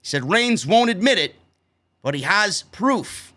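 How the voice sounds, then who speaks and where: A man's voice: high-pitched, very animated, unhurried, bright, forceful tone. A man hosting a wrestling show review, ranting heatedly and swearing constantly as he talks through the episode.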